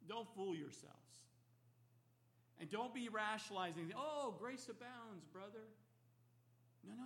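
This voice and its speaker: A man's voice: high-pitched, a bit bright. A man preaching an expository sermon, emphatic and repeating key phrases for effect. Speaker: pastor.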